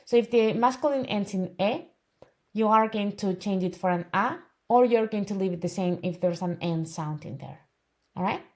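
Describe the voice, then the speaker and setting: A woman's voice: medium pitch, moderate pace, darkish tone. A woman giving an online lesson, patiently repeating words and checking in with "okay?". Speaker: Spanish teacher.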